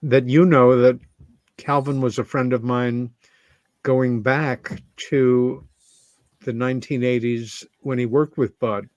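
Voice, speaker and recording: A man interviewing a guest on a video call, speaking casually and haltingly with fillers. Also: mid-range voice, steady tone, a little mellow, no echo. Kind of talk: casual conversation.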